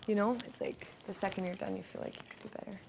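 Woman with a fry-heavy voice. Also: mid-range voice, flat delivery, fast talker, heavy background noise. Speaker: reality show contestant. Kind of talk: casual chat.

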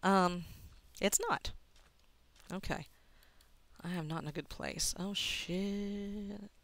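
A young woman talking to herself while she plays a game, swearing often and muttering quietly between excited outbursts. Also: on the low side, slow pace. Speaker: gaming video host. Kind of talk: casual let's-play commentary.

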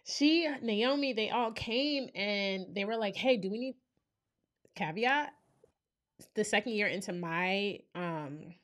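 A woman's voice: medium pitch, takes it slowly. Young woman host from New York, chatty storyteller, peppers her talk with "like" and "right?". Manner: animated storyteller, frequent "like" and "right?". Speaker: podcast host. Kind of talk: casual chat.

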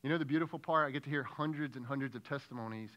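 A man's voice: mid-range voice, very fast, dull audio. A man preaching a sermon as lead pastor, talking conversationally, asking the congregation questions and acting out prayers.

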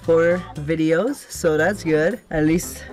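A man's voice: a little high, slow pace, a little mellow, faint music behind. A young man vlogging anxiously from a box buried underground, sighing and talking to the camera. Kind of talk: casual vlog talk.

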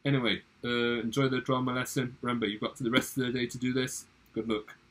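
A man's voice: medium pitch, flat delivery, fast, a bit bright, poor audio. A male drama teacher giving instructions in a recorded online lesson, friendly and instructive with frequent restarts.

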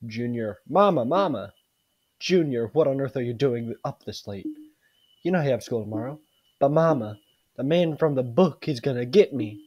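A man's voice: mid-range voice, expressive, moderate pace, slightly rough, lo-fi sound. A man reading the lines of a tired, worried mother in a folksy way, with a mild attempt at a southern voice.

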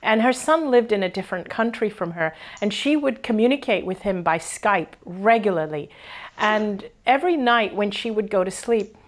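A woman's voice: mid-range voice, lively intonation, normal speed. Effusive woman hosting a live stream. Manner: warm, effusive, reads viewer comments aloud. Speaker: host.

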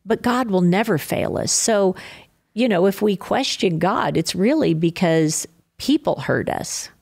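A woman's voice: mid-range voice, measured pace, vocal fry. An older woman, a podcast guest, telling stories of faith and divorce and acting out the people she quotes. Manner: animated storyteller acting out quoted voices. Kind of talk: faith-filled storytelling interview.

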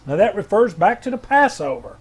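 Man reading prophetic words, high voice. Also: very animated, breathy edge. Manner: reads each word slowly and loudly twice, then explains it in a quiet, halting aside. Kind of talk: informal prophetic reading with commentary.

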